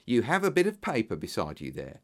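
A man voicing an eager, effusive businessman in an audiobook, exclamatory and flattering. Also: fairly low pitch, fairly quick, gravelly, heavily acted. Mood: persuasive. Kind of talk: audiobook character voice.

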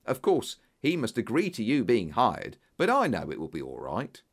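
An eager, flattering businessman bursting with exclamations, as a male narrator puts him on, his pitch leaping high and low with lively swings. The storybook voice is animated and persuasive, every offer sounding grand. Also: normal speed. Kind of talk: audiobook character voice.

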